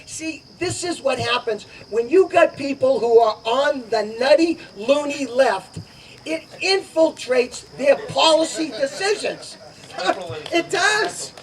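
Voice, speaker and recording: A man's voice: very high voice, lively intonation, takes it slowly. A middle-aged man giving an emphatic, repetitive campaign speech outdoors at a party. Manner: emphatic, repetitive, punchy promises. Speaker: political candidate. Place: outdoor summer garden party. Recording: distant outdoor recording, crickets.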